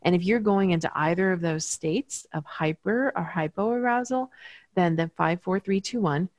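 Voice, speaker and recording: A woman therapist calmly explaining coping techniques in casual conversation, talking with many fillers and restarts. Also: fairly low pitch, moderate pace, no room sound. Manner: calm, explanatory, with frequent fillers.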